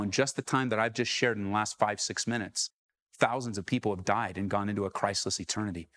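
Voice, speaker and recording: A man's voice: mid-range voice, fairly bright tone, no echo. A man from Southern California preaching a sermon to his congregation in church, calling out questions to the room and driving his points home. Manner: preaching with rising calls to the congregation. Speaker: pastor.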